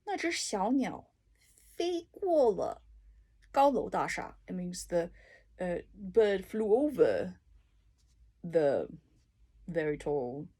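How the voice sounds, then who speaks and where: A woman tutor works her way through a dictionary, explaining each word with simple examples and the odd soft aside. Her voice is slightly low and a little husky. She talks slowly and without hurry. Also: big pitch swings. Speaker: language tutor. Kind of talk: casual dictionary read-through.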